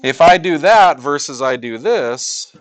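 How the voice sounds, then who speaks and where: Male math teacher, classroom lecture, lively up-and-down pitch, slow deliberate delivery, emphatic repetition. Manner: emphatic, repeats key points to students. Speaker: high school math teacher.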